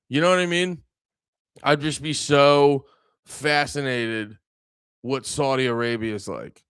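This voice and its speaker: A man's voice: mid-range voice, measured pace, fairly bright tone, clean tone, no echo. A man hosting a podcast, ranting casually with lots of swearing and filler words. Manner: rambling, swears a lot, many fillers. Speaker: podcast host. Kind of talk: casual profane podcast rant.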